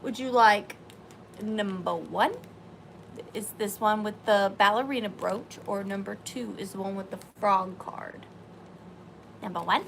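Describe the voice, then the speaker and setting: A woman hosting a live-stream sale, chatting excitedly and greeting viewers by name. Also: mid-range voice, unhurried, gravelly, pauses often, slight background noise, rough recording. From Southern US.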